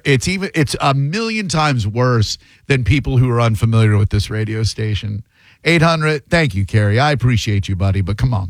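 A man's voice: medium pitch, no echo, low-quality recording. A man hosting a call-in radio talk show, speaking in an emphatic, opinionated and jokey way.

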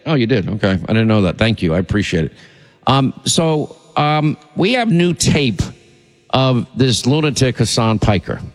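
A man's voice: medium pitch, sing-song, normal speed, faint music behind. Male talk radio host, indignant and emphatic, voice carries a lingering reverb.

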